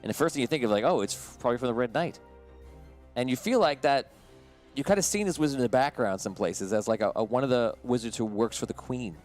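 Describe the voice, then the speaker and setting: A man's voice: medium pitch, fast talker, darkish tone, soft background music. Guy running a d&d style game, rambly, keeps restarting, mid voice. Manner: rambling with many restarts and fillers. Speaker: game master. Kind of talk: narrating a tabletop game.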